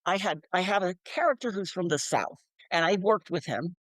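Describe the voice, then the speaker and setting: A woman's voice: on the low side, lively intonation, normal speed, no room sound. An older woman, an author being interviewed, chatting animatedly and acting out quoted voices with frequent laughs. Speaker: author and guest. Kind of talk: casual interview chat.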